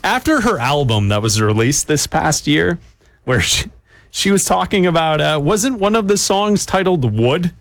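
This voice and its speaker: Teasing radio guy, gravelly voice, slightly high, bouncy pitch. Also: very animated, unhurried, no room sound. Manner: teasing, laughs often. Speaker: sports talk co-host. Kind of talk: casual banter on sports radio.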